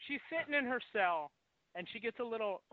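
A male show host chatting casually and teasing with quick quips. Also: very high-pitched, expressive, no room sound. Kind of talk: casual chat. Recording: dry tinny phone-like sound.

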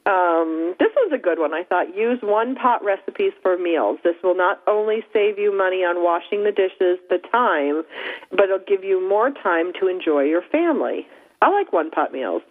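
A woman's voice: on the low side, animated, normal speed. A woman co-hosting a casual chat show, talking in a chatty way with frequent laughs and mocking asides. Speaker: podcast co-host. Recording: tinny phone-like line.

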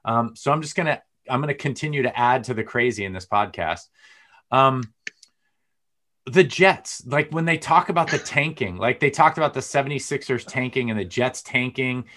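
Bright-voiced man hosting sports talk. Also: mid-range voice, normal speed. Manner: rambling, lots of fillers, gets loud and excited. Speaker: podcast host. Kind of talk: casual sports chat.

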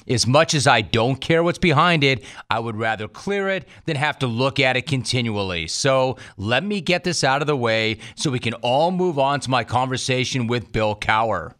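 A man's voice: mid-range voice, expressive, moderate pace, few pauses, a bit bright. A man hosting his own podcast, talking casually and with a wry, sarcastic edge. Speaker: podcast host. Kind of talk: casual monologue.

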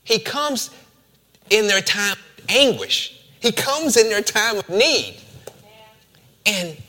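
Man, pastor, bright forceful tone, fairly high voice. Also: slow pace. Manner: animated, playful asides to the congregation. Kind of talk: sermon with scripture reading.

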